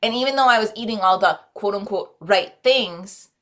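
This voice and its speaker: A woman's voice: mid-range voice, normal speed, fairly bright tone. A woman talking as a podcast guest in casual, earnest conversation, rambling with many "like"s and restarts. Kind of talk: casual conversation about self-care and spirituality.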